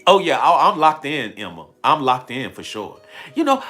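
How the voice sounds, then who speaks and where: Lively, playful man streaming live. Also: a little high, moderate pace, faint music behind. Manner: playful, laughs often, acts out quoted voices. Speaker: spiritual speaker hosting a livestream. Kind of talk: animated live-stream talk to viewers.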